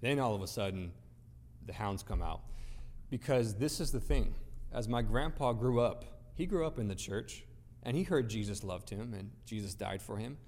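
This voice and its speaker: This man's voice sits on the low side, darkish in tone, with lively intonation at a normal speed. Preaching to a gathered audience, he is emphatic, uses rhetorical questions, and develops points by repeating phrases. The recording carries a large hall's long reverb.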